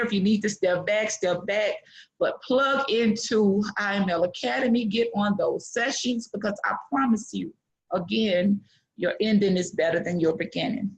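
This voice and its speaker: A woman's voice: medium pitch, low-quality recording. Heartfelt middle-aged woman on a call. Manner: heartfelt, preachy, many fillers. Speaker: webinar participant giving a testimonial. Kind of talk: emotional testimonial. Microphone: online call.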